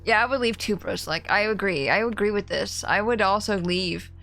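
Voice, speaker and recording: A woman's voice: mid-range voice, normal speed, sharp tone. A young woman in casual live-stream commentary, giggly and chatty, easily startled as she plays. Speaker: game streamer.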